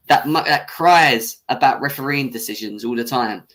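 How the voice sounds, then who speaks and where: A man's voice: mid-range voice, moderate pace, a bit bright. A young man hosting a football fan live stream, hot-tempered and swearing as he argues with viewers in the chat. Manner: heated, swearing, arguing with chat; laughs off his own bias. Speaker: football fan channel host. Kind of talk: live-stream match reaction rant.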